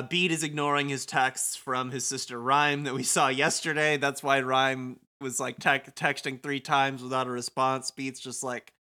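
A man's voice: medium pitch, pushed and bright, clear, resonant tone. A young man co-hosting a podcast, recapping a video game in rambling, casual chat and laughing often. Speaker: podcast co-host.

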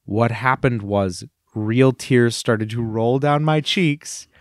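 A man's voice: medium pitch, slow, dry recording, studio quality. A man co-hosting a casual comedy podcast. He talks in an earnest, rambling way and drifts into grand speeches for laughs. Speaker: podcast co-host.

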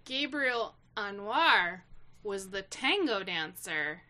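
A woman in her thirties co-hosting a casual film chat, opinionated and quick, often trailing off mid-sentence. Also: mid-range voice, sing-song, sharp tone. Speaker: podcast co-host.

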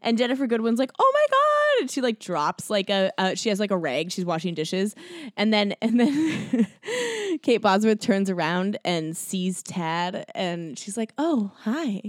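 A woman's voice: measured pace, no echo, studio quality. A woman co-hosting a casual chat, recapping a movie and acting out the characters' lines. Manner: animated, acts out characters' lines in a high voice. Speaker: podcast co-host.

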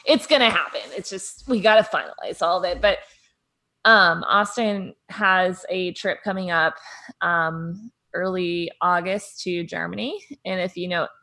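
A young woman co-hosting a podcast in casual chat, excitable and quick to laugh. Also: on the low side. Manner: chatty and excitable, laughs often. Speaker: podcast co-host.

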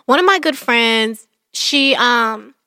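A young woman co-hosting a casual chat, chatty and quick to laugh. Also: a little high, animated, pushed and bright, a little hiss or hum. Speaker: podcast co-host.

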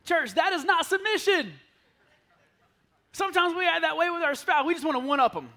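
A man preaching a sermon to a church, telling lively stories and dropping to a near whisper for asides. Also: very high voice, fairly quick. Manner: animated storytelling, drops to a near whisper for asides. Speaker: pastor. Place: church sanctuary.

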